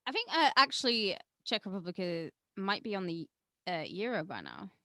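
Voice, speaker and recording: A woman co-hosting a podcast in casual chat, teasing and lively. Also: mid-range voice, normal speed, no room sound, clean studio sound. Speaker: podcast co-host.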